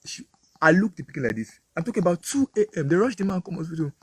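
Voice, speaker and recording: A man's voice: on the high side, big pitch swings, fast, breathy edge, dry recording. A man with a Nigerian accent, a preacher giving a moral talk full of vivid, repetitive storytelling.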